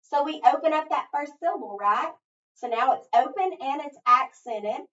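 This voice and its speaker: A woman teacher giving a phonics lesson, thinking aloud step by step and pausing so listeners can finish her sentences. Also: high voice, animated, a bit bright. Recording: echoey, distant, dull sound.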